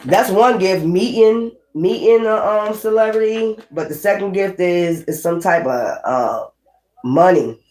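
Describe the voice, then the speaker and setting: A woman's voice: medium pitch, a little slow, a little mellow. A woman giving a blunt, chatty tarot reading. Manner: blunt and chatty, with swearing and laughs. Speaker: tarot reader. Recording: echoey room.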